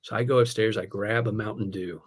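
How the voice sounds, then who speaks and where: A pastor with a lowish, slightly rough voice talks fairly quickly as he shares a personal story on a casual podcast. He is animated, laughs often, and throws in "man" and "dude."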